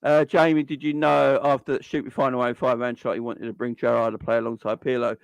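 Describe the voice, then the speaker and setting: A man's voice: mid-range voice, flat delivery, fast talker, gravelly, no echo, muffled recording. A young man, hosting a live stream and ranting in exasperation, stumbling over restarts when he gets wound up. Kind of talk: heated fan rant on a live stream.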